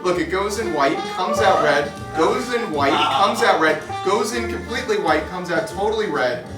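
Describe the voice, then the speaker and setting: A man's voice: high voice, expressive, moderate pace, music in the background. A man from New Jersey performing a comedy magic show on a club stage, joking playfully with the audience. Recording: roomy club sound from a distance.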